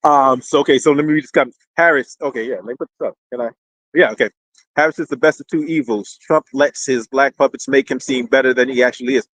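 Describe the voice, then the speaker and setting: A man hosting casual live-stream commentary, rambling and animated, often repeating words as he restarts. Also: a little high, no room sound, rough recording. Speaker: political commentary host. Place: indoors near a street with fire trucks.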